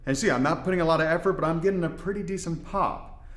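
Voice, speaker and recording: Relaxed man teaching drum technique. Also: a little high, fast, reverberant, faint music behind. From Indiana. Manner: relaxed, explanatory, folksy asides. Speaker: darbuka teacher. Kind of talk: instructional demonstration.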